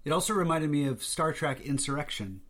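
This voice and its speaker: A man co-hosting a casual chat about a TV series, relaxed and hesitant with many fillers. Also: fairly high pitch, fairly quick. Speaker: podcast co-host.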